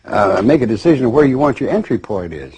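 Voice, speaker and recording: A man voicing a brisk male cosmic dispatcher who arranges births, with fast, businesslike salesman patter. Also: mid-range voice, sing-song, a little mellow, husky, heavily acted.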